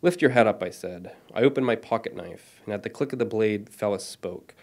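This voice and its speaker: A man's voice: fairly low pitch, normal speed. Man in his thirties reading his fiction aloud. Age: 30s. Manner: self-deprecating, apologetic asides between steady reading. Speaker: author. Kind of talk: reading his own short story at a lecture.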